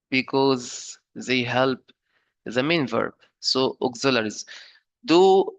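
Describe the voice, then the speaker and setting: Slow-paced male English teacher. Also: mid-range voice, fairly bright tone, no room sound. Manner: slow, deliberate explanations with fillers and checks. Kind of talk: recorded grammar lesson.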